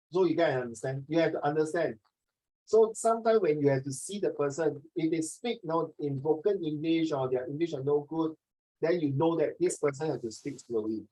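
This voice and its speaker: A man teaching an online English class over a video call, talking fast and jokingly, often ending his sentences with "ah" and "okay". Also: fairly high pitch, dark tone, rough recording.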